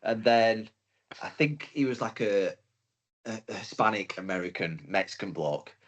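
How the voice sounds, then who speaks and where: A man's voice: fairly low pitch, animated, normal speed, fairly bright tone. A man, a guest on a podcast, laughing easily and tripping over his words. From north-west England. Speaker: podcast guest, marathon runner. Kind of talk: casual podcast chat.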